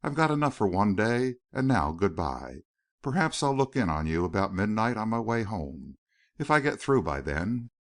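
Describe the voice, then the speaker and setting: A man voicing an energetic, eager male newspaperman. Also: lowish voice, no room sound, clean studio sound. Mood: cheerful. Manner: brisk and eager.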